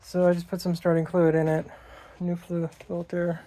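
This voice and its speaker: A woman's voice: lowish voice, completely flat delivery, moderate pace, warm tone. A woman working on her car in a garage, talking to herself and swearing in casual vlog narration. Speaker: car vlogger. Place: garage, indoors.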